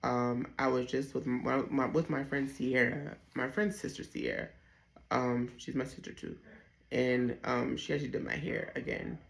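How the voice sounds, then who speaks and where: Gravelly-voiced young man telling his story. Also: medium pitch, animated, normal speed. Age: young adult. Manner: candid, hesitant, many ums and restarts. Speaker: vlogger sharing his dialysis story. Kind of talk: personal storytelling.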